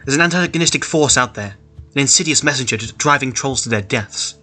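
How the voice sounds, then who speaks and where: A weary, guarded female troll detective with a British accent, as a man reads her part aloud. She speaks in a formal, measured way, and the voice comes through bright and clear. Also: medium pitch, animated, soft background music. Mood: grave.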